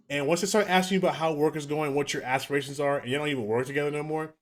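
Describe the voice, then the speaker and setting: A young man co-hosting a podcast, telling animated, profane stories in casual chat. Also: fairly high pitch. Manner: profane, fast, animated storytelling. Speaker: podcast co-host.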